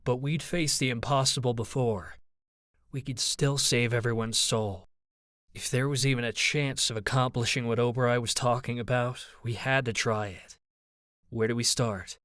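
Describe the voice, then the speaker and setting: A man narrating an audiobook in the first person, with a steady, even storytelling delivery. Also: medium pitch, normal speed, no echo, clean studio sound.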